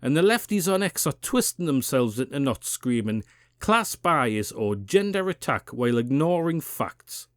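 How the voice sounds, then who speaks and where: A man's voice: mid-range voice, very animated, measured pace, dry recording, clean studio sound. A man with a Geordie accent hosting a political rant channel, swearing freely and mocking his targets with biting sarcasm. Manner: profane, sarcastic, combative. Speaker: political commentary channel host.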